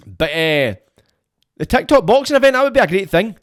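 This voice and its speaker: Very animated and brisk, a young Scottish podcast guest launches into blunt rants during a casual chat. His language is heavy with swearing, and his voice jumps higher in pitch as he gets fired up.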